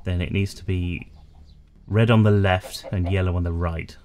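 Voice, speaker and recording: A man's voice: low voice, steady tone, normal speed, a little mellow, a little hiss or hum. A man with a slightly strained voice, rambling casually to his chat as he plays a game. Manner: rambling, chatty, self-deprecating, talks to chat. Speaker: streamer. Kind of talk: casual gameplay commentary.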